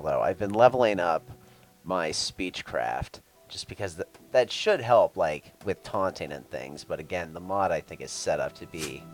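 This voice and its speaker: A man giving casual gameplay commentary, chatting sarcastically to game characters and swearing freely. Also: low voice. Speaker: let's play gamer.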